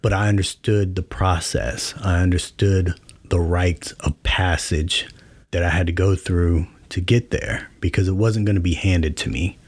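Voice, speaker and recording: Low-voiced man hosting a storytelling podcast. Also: a little slow, dry recording. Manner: relaxed, conversational, many fillers. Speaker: podcast host. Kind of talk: casual storytelling monologue.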